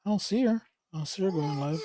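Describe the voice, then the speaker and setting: A man's voice: sits high, fast talker, dark tone, dry recording, clean studio sound. A man livestreaming in a casual, rambling chat, joking with viewers, laughing often and calling people "bro".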